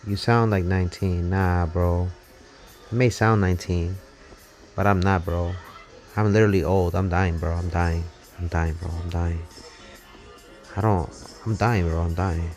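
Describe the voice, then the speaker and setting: A man streaming a mobile game live, talking casually and excitably, swearing and rambling as he plays, over faint game music. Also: low-pitched, a little slow, pauses often. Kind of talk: casual live gameplay commentary.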